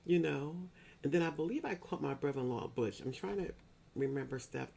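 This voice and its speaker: Gravelly middle-aged woman telling her story. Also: sits low, lively intonation, a little fast, dark tone. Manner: earnest and repetitive, often circling back to restate a point; spiritual, church-going tone. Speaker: speaker sharing a personal grief story. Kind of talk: heartfelt personal testimony.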